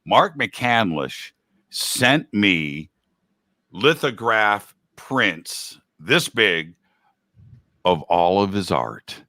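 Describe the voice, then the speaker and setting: A man's voice: lowish voice, sing-song, extremely slow, bright, forceful tone, no echo, clean studio sound. A man talking as a guest host in a casual chat, rambling and laid-back, with a slangy manner.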